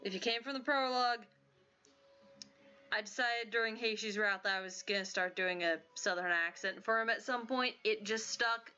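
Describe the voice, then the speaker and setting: A woman's voice: medium pitch, normal speed, bright, forceful tone, clear, resonant tone, lo-fi sound, faint music behind. A woman streamer making offhand, chatty asides to viewers while playing through a game. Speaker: let's-play streamer. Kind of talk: casual game commentary.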